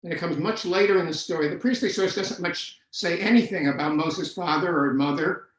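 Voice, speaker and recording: Brief: older male lecturer, high voice, wry and explanatory, echoey room. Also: a little fast. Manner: wry, explanatory, with dry jokes. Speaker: Bible scholar lecturer. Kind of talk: online lecture. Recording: roomy echo.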